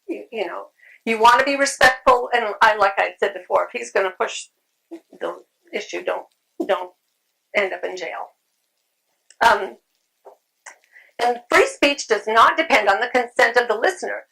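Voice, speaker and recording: A woman's voice: fairly high pitch, lively intonation, measured pace, gravelly, pauses often, sharp tone, breathy edge, poor audio. A woman giving a conversational talk at a convention, repeating phrases and saying um often. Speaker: convention speaker. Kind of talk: conference talk. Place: convention room.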